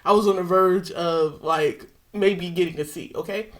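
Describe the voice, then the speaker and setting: A woman's voice: fairly low pitch, normal speed. A young woman vlogger casually retelling a personal story with slang and emotion.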